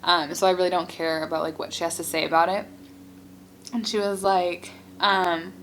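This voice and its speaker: A woman's voice: lowish voice, little pitch movement, normal speed, a bit bright, a little hiss or hum. Chatty young woman telling a story. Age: young adult. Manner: chatty, heavy use of "like", exasperated. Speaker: vlogger. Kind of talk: casual storytime while eating.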